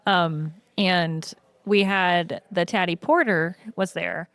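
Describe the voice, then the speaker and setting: A woman guest in casual podcast chat, telling lively stories with frequent "um"s. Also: fairly low pitch, takes it slowly, clear, resonant tone, no echo. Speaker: podcast guest, brewery co-owner.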